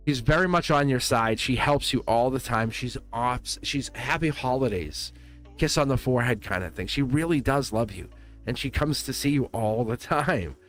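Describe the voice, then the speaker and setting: A man giving a live tarot reading, talking in an earnest, reassuring way with many restarts and asides. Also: medium pitch. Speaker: tarot reader.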